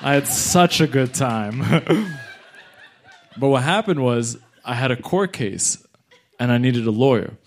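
A man's voice: mid-range voice, a little hiss or hum. Young man telling a live comic story. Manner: animated, acts out other people's lines in quick bursts. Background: audience laughter.

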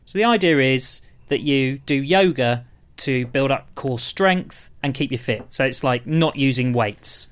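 A man's voice: mid-range voice, a little slow, fairly bright tone, no echo. A man co-hosting a podcast, explaining things in a chatty, rambling way. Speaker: podcast co-host. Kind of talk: casual chat.

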